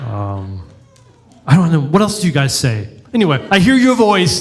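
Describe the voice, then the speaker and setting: A man's voice: fairly high pitch, sing-song, moderate pace. A middle-aged male pastor giving a conversational sermon and joking with his congregation.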